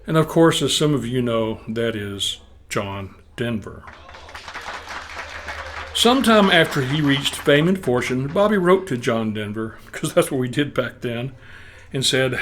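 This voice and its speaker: A man's voice: mid-range voice, expressive, unhurried, a bit bright. A man in his seventies with a Texan accent, telling a wry story on stage to a live audience. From Texas. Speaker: musician and storyteller.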